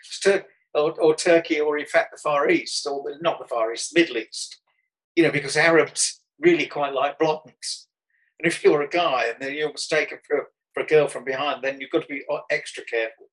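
A Birmingham man with a local accent, an artist guest, tells a rambling travel story in an interview, restarting often and chuckling. His voice is fairly high, a little fast and somewhat bright, on a low-quality recording.

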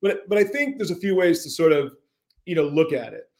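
Animated middle-aged man telling stories. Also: fairly high pitch, fairly quick. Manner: animated storyteller with frequent fillers and restarts. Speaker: podcast guest, tech company CEO. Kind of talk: casual podcast chat.

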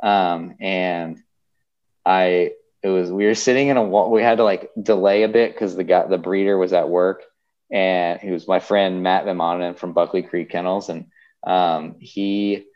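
A young man talks in a deep, low voice, circling back on himself with fillers and restarts as his feelings come through. He sounds openly emotional and unguarded. The recording is a little dull and muffled. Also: steady tone, a little slow. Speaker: podcast guest. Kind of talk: casual chat.

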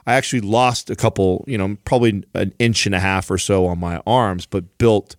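Guy on a podcast mic, low voice, rambles and pokes fun at himself, dry sound. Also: steady tone, normal speed, dry recording. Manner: rambling storyteller, self-mocking. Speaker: podcast co-host. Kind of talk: casual chat.

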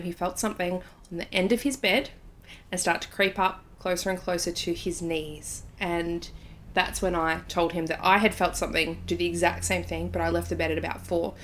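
Woman telling a ghost story. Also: lowish voice. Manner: animated, breathless when telling scary parts, laughs often. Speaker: podcast co-host. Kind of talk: casual storytelling chat.

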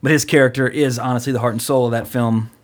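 A man hosts a casual movie podcast, rambling and joking, with plenty of fillers. He speaks at an ordinary, middle pitch in a relaxed, loose way. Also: fast talker. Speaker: podcast host.

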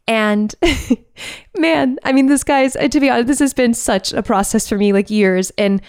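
A woman's voice: fairly high pitch, normal speed, darkish tone, clean tone, no echo, clean studio sound. A woman giving a heartfelt, reflective talk to camera about recovery. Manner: heartfelt and searching.

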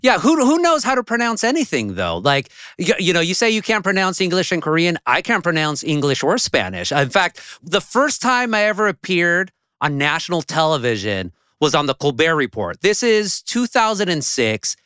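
A man's voice: on the high side, sing-song, moderate pace, few pauses, bright, forceful tone, clear, resonant tone, dry recording, clean studio sound. A man appearing as a guest journalist, chatting animatedly, laughing often and telling stories. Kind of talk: casual chat.

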